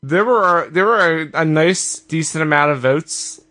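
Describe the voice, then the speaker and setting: A man's voice: fairly high pitch, lively intonation, a little slow, bright, forceful tone. A man co-hosting a comedy podcast, trading dry, teasing quips. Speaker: podcast co-host.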